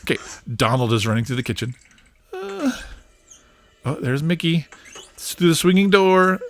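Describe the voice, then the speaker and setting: A woman hosting a reaction show, narrating a cartoon excitedly, laughing and sometimes hushing her voice. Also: sits low, normal speed. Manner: excitable, laughing, often drops to a hushed voice. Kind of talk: live reaction commentary on a cartoon.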